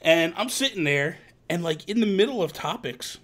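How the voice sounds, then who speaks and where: A man hosting a casual live chat show, telling animated gaming stories and acting out quotes. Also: fairly high pitch, normal speed. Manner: animated storyteller, acts out quotes. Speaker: host.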